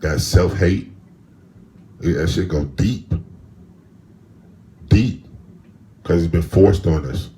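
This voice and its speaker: Deep-voiced man rambling on a podcast. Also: steady tone, a little slow, pauses often, mellow. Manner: loose, rambling, slangy storytelling. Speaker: podcast host. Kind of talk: casual solo podcast monologue.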